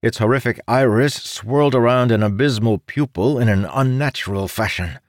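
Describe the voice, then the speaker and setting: A man narrating a fantasy story as an audiobook reader, in a dramatic, expressive read that leaps up for the characters' shouts. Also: mid-range voice, normal speed, dry recording, clean studio sound.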